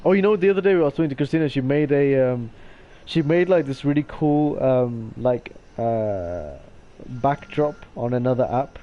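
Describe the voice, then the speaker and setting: A man's voice: medium pitch, lively intonation, moderate pace, muffled recording. A young man co-hosting a podcast, chatting casually, joking and swearing. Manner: joking, swearing, laughing often. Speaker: podcast co-host. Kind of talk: casual chat. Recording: faint background noise.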